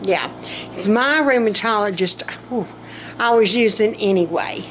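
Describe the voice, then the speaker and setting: A woman's voice: medium pitch, unhurried, a little hiss or hum, poor audio. A middle-aged woman, vlogging casually about her health, rambling and self-mocking, and short of breath.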